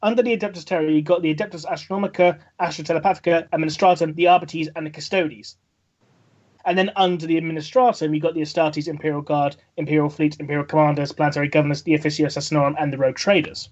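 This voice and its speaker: A southern English man rattles through explanations at a rapid clip, his voice a little higher than most. The audio is lo-fi and dull, like a call recording. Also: level tone, a little mellow. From England. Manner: quick, explanatory, lists things rapidly. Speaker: podcast co-host. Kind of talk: casual chat.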